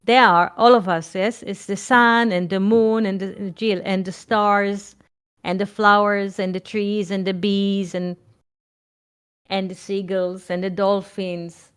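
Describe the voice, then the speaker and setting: A woman giving a reflective spiritual talk, often pausing to search for words. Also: medium pitch, level tone, clean tone. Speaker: spiritual teacher.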